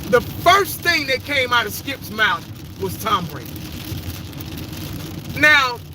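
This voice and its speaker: A man's voice: extremely high pitch, very animated, takes it slowly, background noise. A man giving his casual, opinionated take on football greats, swearing freely and rambling as he goes. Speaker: fan vlogger. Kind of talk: casual sports opinion rant.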